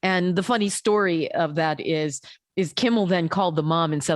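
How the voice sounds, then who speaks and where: A woman co-hosting a podcast, telling stories in a casual, animated way with many fillers. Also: fairly low pitch, normal speed, no room sound, studio quality. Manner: animated, lots of fillers and restarts. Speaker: podcast co-host. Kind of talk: casual chat, storytelling.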